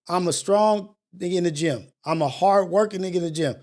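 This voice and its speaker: Blunt, profane, high-pitched male host. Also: moderate pace, darkish tone. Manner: blunt, profane, self-mocking. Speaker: morning show host. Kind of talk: motivational monologue.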